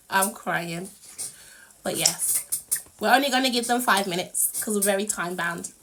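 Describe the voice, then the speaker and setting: A woman's voice: mid-range voice, expressive, slow, pauses often, noisy background. A British woman hosting a casual live stream, bubbly, laughing often and humming little tunes while she waits. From United Kingdom. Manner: bubbly, laughs a lot, hums filler tunes. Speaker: livestream host.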